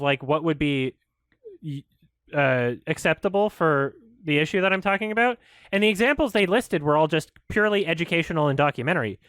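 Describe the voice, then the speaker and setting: A man's voice: sits high, fairly bright tone, dry recording, clean studio sound. A man who hosts an online commentary show, ranting in frustration, swearing and talking in bursts. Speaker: YouTube commentator.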